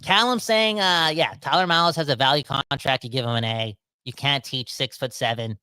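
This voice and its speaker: A man hosting a casual sports podcast, talking in a rambling, animated way that keeps interrupting itself. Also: medium pitch, moderate pace, clear, resonant tone, no echo. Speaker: podcast host.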